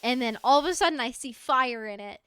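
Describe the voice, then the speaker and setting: A woman's voice: high-pitched, expressive, fairly quick, fairly bright tone, smooth. An American woman streaming a game, chatting casually and rambling through stories with frequent laughs. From United States. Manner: chatty, rambling storyteller who laughs often. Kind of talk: casual stream chat while gaming.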